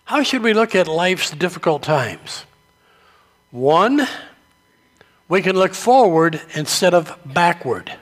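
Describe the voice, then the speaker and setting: A man preaching a sermon, telling stories slowly and deliberately. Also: high-pitched, big pitch swings. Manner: slow, deliberate storytelling delivery. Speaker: pastor.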